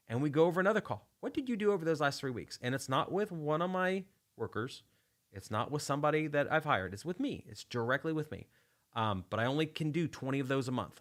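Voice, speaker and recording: A man hosting a casual livestream, talking in a rambling, enthusiastic way with many restarts. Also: medium pitch. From United States. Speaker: channel host.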